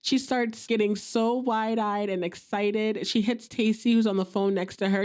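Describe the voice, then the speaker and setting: Young woman podcaster recapping an episode, chatty, reacts a lot, mid pitch. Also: normal speed, few pauses, darkish tone. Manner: chatty, reacts with sympathy and disbelief, briefly acts out quoted lines. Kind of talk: casual recap narration.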